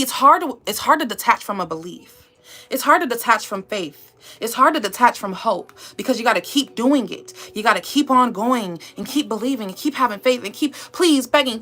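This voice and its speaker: Brief: woman vlogger, bright slightly high voice, emphatic motivational pep talk, plenty of repetition. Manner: emphatic, repetitive, calls viewers y'all and babe. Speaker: YouTuber.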